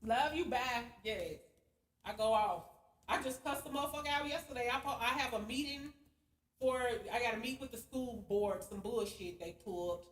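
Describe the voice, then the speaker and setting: A woman's voice: fairly high pitch, normal speed. A young woman, telling a heated story in a blunt, profane, casual rant. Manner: blunt, heavy cursing, heated. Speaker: spiritual vlogger. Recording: echoey room, far from the mic, faint hiss.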